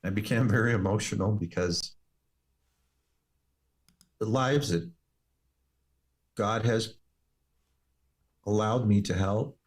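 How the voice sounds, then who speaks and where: A man speaks as an interview guest, recounting his own story with steady, earnest care. His voice sits a little on the low side. He talks like a firefighter and paramedic who has told this before. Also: slow, pauses often. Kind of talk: personal testimony in an interview.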